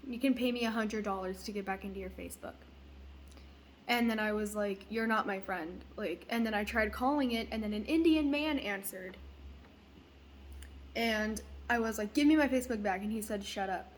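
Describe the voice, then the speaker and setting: A woman's voice: medium pitch, normal speed, a little hiss or hum. A young woman and mother telling a story casually, rambling with fillers and swearing. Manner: rambling, profane, uses many fillers. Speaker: parent.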